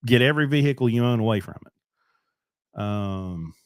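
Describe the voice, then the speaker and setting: A man's voice: on the low side, lively intonation, a little slow, clean tone, no echo. Middle-aged guy ranting on his podcast, blunt and cussing, dry close sound. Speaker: podcast host. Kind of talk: solo live-stream chat reading comments.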